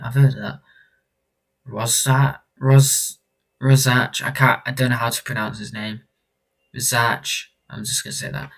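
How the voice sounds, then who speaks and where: A man's voice: lowish voice, level tone, moderate pace, a bit bright, far from the mic, rough recording. A man reading a comic aloud in a casual, offhand way, stumbling over names. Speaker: comic book reader.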